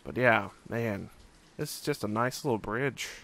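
A man's voice: lowish voice, lively intonation, a little slow, gravelly, a bit bright. A young man casually commenting on his own gameplay, musing and thinking aloud with frequent fillers. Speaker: let's play host.

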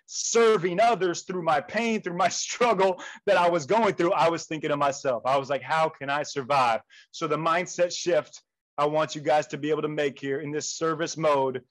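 Motivational speaker, male, fairly high voice, lively storyteller who acts out the people in his stories. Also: rough recording. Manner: animated storytelling with quoted voices. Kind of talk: motivational keynote talk.

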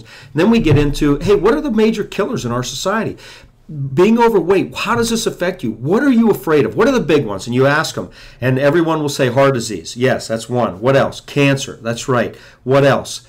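A man's voice: on the high side, sing-song, brisk. A man coaching chiropractors on running a weight loss workshop, emphatically acting out exchanges with the audience. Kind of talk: teaching a seminar.

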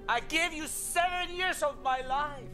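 A man's voice: extremely high pitch, measured pace, bright, forceful tone, heavily acted. An actor playing a jealous, betrayed man who talks in a stilted, melodramatic way, with film music behind him. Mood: hurt. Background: film score.

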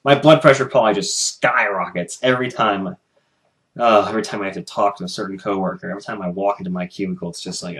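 A man's voice: on the low side, fairly even intonation, fast, a bit bright, slight background noise. A young man from the United States in a casual vlog, venting angrily about his job and swearing as he talks to his camera at home. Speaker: vlogger.

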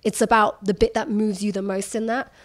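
A woman journalist in her thirties, telling candid stories in a lively way, laughing often and acting out the people she quotes. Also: mid-range voice, a little fast. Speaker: journalist guest. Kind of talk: candid conversational storytelling.

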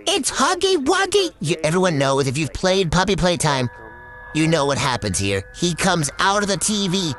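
Female reaction host, excitable and exclaiming, a voice that leaps all over, faint music underneath. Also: sits low, moderate pace. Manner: excitable, exclaims and laughs often.

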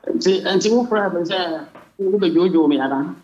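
A man's voice: high voice, brisk, heavy background noise. A Ghanaian man answering as a guest on a phone call, protesting and stammering through restarts. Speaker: municipal chief executive, phone-in guest. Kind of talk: defensive answers over the phone.

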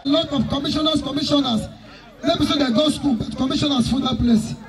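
A man with a Nigerian accent emceeing a wedding live, joking and telling stories with bursts of shouting. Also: very high-pitched, brisk, rough recording. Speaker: wedding master of ceremonies. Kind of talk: live event emceeing to a crowd. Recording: loud wedding crowd behind.

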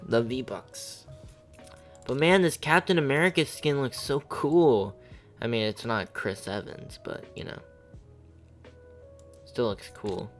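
Slow-talking goofy gamer guy. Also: mid-range voice, animated, soft background music. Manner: goofy, jokey gamer slang. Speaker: gaming streamer. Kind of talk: casual livestream commentary.

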